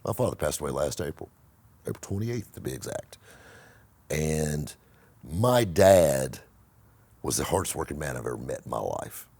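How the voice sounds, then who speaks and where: A deep, husky man talks straight to the camera with blunt, salty motivational advice. His pitch swings widely as he talks, and his tone stays dark and mellow. The sound is dry and close, with little room around it. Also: normal speed, long pauses, dry recording. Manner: blunt and animated, swears freely, talks in restarts and fillers. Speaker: car vlogger and host.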